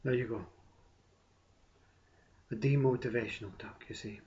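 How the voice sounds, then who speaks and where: A man giving a meditative spiritual talk, soft and unhurried, with long pauses and a repeated "you see". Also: medium pitch, muffled recording. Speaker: spiritual teacher.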